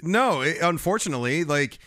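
A man's voice: a little high, expressive, fairly quick, bright, forceful tone, no echo, studio quality. A man chatting casually as a guest on a music podcast, rambling and restarting his sentences, with some swearing. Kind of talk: casual chat.

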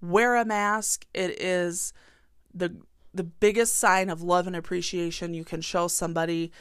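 A young adult woman hosting her own podcast, talking bluntly and passionately and swearing freely, then winding down into a warm sign-off. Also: on the low side, little pitch movement, normal speed, clean tone, no room sound, clean studio sound. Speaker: podcast host. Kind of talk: solo podcast rant and sign-off.

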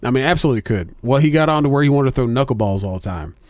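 A man's voice: medium pitch, lively intonation, rapid-fire, no echo, studio quality. A man co-hosting a casual podcast, telling a rambling, profane story with lots of fillers. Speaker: podcast co-host.

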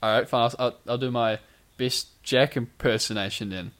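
This podcast co-host has a medium-pitched, slightly bright voice with a steady tone and normal speed, picked up by a home microphone on a stand. He's groggy on sleep medication, so his casual talk wanders, full of fillers and false starts.

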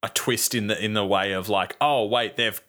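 A man chatting casually about a film, animated, swearing freely and acting out lines from scenes. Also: lowish voice, moderate pace.

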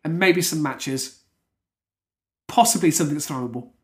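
A man co-hosting a comedy podcast with dry, deadpan quips. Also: a little high, normal speed. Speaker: podcast co-host. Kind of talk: casual comedy chat.

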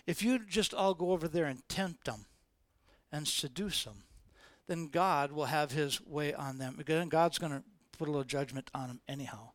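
A man's voice: on the high side, moderate pace, no room sound, pitched below the performer's own voice, lightly acted. A man playing a greedy, wicked male prophet who makes excuses and schemes. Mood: scheming.

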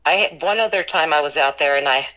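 Earnest, bright-voiced woman telling ghost stories. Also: deep voice, brisk, poor audio. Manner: earnest, rambling, heavy use of "like" and "you know". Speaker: ghost tour business owner. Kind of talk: recounting paranormal experiences in an interview.

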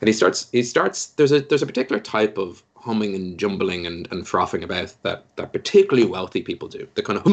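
A man narrating as game master of a tabletop game, halting and full of restarts. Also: sits low, dull audio.

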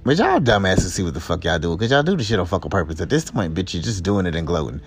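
A man's voice: low-pitched, sing-song, quick pace, faint music behind. Heated, profane male podcast host. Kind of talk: angry commentary rant.

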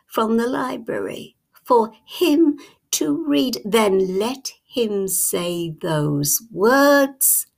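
A woman voicing a sad, weary little golden hen in a whispered role-play, with soft, drawn-out words. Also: medium pitch, gravelly, full character voice.

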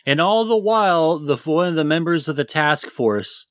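A man's voice: fairly high pitch, lively intonation, normal speed, no room sound, clean studio sound. A man co-hosting a podcast, talking casually, rambling and swearing a lot. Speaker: podcast co-host. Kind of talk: casual chat.

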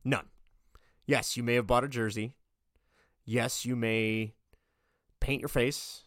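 A man hosting a sports podcast, talking casually and getting worked up into loud rants. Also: medium pitch, steady tone, takes it slowly, no room sound, clean studio sound. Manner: ranting, gets worked up and loud. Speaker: podcast host. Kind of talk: casual sports opinion monologue.

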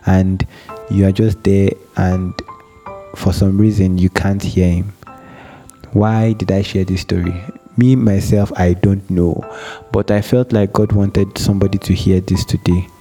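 Earnest male devotional host, mellow low voice, light music bed. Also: flat delivery, unhurried. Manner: earnest, repeats phrases, acts out a phone call. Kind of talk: casual devotional teaching and prayer.

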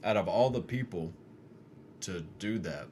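A man with a very low voice chatting casually with friends in a laid-back, joking manner and plenty of swearing. Steady background noise sits under his voice throughout. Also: a little slow. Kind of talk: casual chat.

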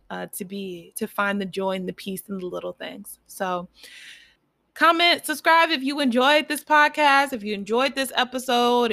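A woman's voice: mid-range voice, gravelly, dry recording, studio quality. A young woman in her twenties hosting her own podcast, talking casually and encouragingly to her listeners with plenty of fillers. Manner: warm, encouraging, chatty with fillers. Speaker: podcast host. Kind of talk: casual solo podcast talk.

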